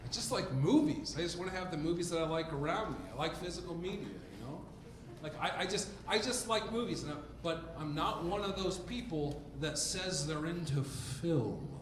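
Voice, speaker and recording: A man doing a stand-up comedy set on stage, animated and mock-indignant, acting out quick exchanges in quoted voices. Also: on the high side, background noise. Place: comedy club stage with a laughing audience. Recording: roomy club sound with loud audience laughter. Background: audience laughter.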